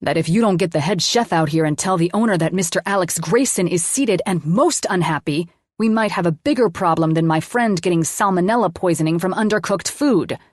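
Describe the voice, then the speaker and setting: A woman's voice: fairly low pitch, moderate pace, no room sound, studio quality, close to an everyday voice. A woman narrator voicing a wealthy businessman who speaks with clipped, aggressive authority. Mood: commanding. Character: commanding rich businessman, used to being obeyed.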